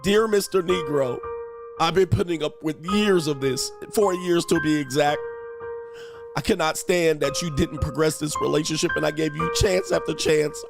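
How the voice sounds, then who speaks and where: A man's voice: fairly high pitch, creaky, voice pushed up. A man putting on a whiny wife voice. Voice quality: whiny, theatrical pleading. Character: self-pitying wife leaving her husband. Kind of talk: comedic impression in a livestream rant.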